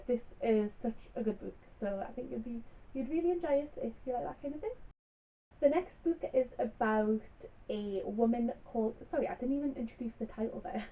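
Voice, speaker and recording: Young girl rambling about books, lots of "like", kinda high voice, sounds thin like a phone. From Newcastle, England. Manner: chatty and rambling, full of "like" and giggles. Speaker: book vlogger. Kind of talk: casual book review chat. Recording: tinny phone-like sound, distant from the mic.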